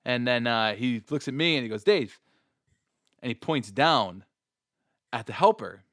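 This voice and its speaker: A man's voice: medium pitch, animated, normal speed, fairly bright tone, no room sound. Male podcast host, casual profane storyteller, dry close sound. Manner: profane and laughing.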